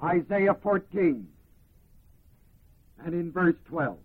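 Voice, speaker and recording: A man preaching a sermon, reading scripture slowly and emphatically and explaining each phrase. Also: on the high side, lively intonation, husky. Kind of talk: sermon, Bible teaching. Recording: tinny phone-like lo-fi recording.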